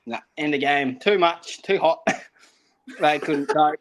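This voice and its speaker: A man's voice: on the high side, animated, slow pace, fairly bright tone, rough recording. A man from South Australia, a chilli-eating guest giving short answers and laughing shyly. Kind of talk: casual interview answers.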